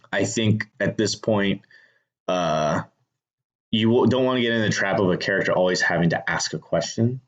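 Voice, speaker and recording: Low-voiced man casually talking through a script. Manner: thinks aloud, restarts and fillers. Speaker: screenwriter teaching revision. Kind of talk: casual instructional talk.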